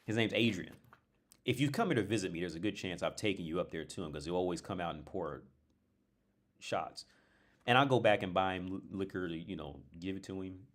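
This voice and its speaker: A man with a very deep voice chats casually on a livestream, drifting from story to story. He restarts his sentences often and drops blunt, profane asides. He sounds like a young adult from North America. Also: fairly quick. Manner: rambling, digressive storytelling with frequent restarts. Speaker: livestream host. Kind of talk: casual chat.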